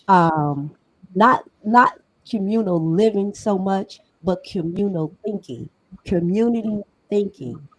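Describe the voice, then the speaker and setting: A woman's voice: medium pitch, rough recording. A middle-aged woman co-hosting a podcast discussion, talking emphatically and conversationally with frequent laughs. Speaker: podcast co-host.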